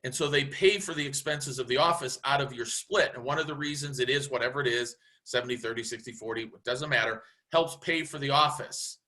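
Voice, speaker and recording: Bright animated man coaching. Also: mid-range voice, fairly quick, few pauses. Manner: animated, acts out quoted dialogue. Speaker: real estate coach. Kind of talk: casual sales coaching talk.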